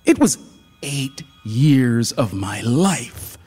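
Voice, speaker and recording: A man voicing a distraught woman in a read-aloud story, speaking with shrill, bitter desperation. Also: very animated, extremely slow, dark tone, breathy edge, faint music behind, heavily acted. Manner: shrill, pleading.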